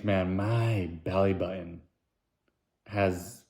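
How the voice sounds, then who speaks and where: A man's voice: moderate pace, a little mellow. Rambling, self-mocking podcast guy. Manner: puts on silly high voices when quoting. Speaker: podcast host. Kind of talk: casual solo podcast monologue.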